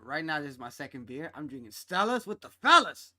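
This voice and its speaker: A man hosting a game stream, chatting loudly and excitably with plenty of swearing and laughter. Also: a little high, brisk. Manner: loud, excitable and profane, laughs often. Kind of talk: casual gaming chat.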